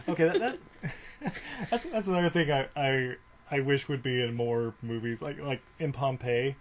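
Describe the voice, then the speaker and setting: A man's voice: medium pitch, animated, normal speed, dull audio, a little hiss or hum. A man co-hosting a casual movie podcast, joking and laughing often. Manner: joking, laughs often, riffs with silly lines. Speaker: podcast co-host.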